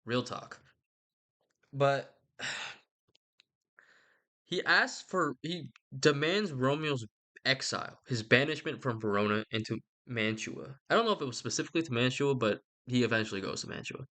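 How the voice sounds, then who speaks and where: A man's voice: mid-range voice, moderate pace, pauses often, bright, forceful tone. A young man giving a rambling, sarcastic comedic recap of a book, swearing casually and putting on voices for the characters.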